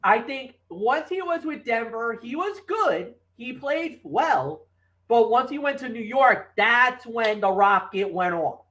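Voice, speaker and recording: A mid-pitched sports talk co-host chatting in a loose, rambling way. The speech is full of fillers and restarts as the host tells stories and talks about players, and the voice grows louder when excited. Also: slow pace, poor audio. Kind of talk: casual sports talk and storytelling.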